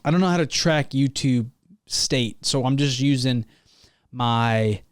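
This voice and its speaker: A young man hosting a solo comedy podcast, rambling and hyped as he pitches his plan to listeners with mock-rallying energy. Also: no room sound, studio quality. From Missouri. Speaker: podcast host.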